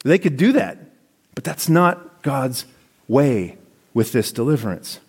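A man's voice: medium pitch, very animated, unhurried, a little mellow, slightly rough. A man giving a sermon, reading scripture passages aloud and commenting on them in a conversational preaching tone. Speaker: pastor.

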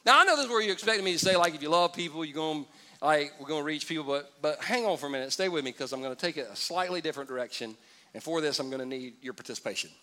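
A man preaching in a church auditorium, his voice pitched high and ringing bright. He talks to the congregation in a loose, joking way and calls out for their replies. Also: rapid-fire. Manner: conversational, humorous, animated preaching with crowd call-and-response. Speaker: pastor. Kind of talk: sermon.

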